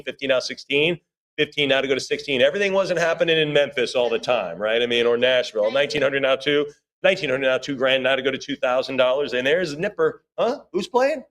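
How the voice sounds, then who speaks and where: A man working as auctioneer, calling bids rapidly in a live auction and breaking off for chatty asides to bidders and staff. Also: mid-range voice. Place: auction room.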